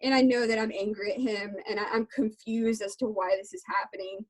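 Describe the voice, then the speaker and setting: A woman's voice: mid-range voice, steady tone, brisk, poor audio. A young adult woman speaking in an interview, talking earnestly and from the heart. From Texas. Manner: earnest, heartfelt, faith-centered. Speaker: guest musician. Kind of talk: candid interview talk.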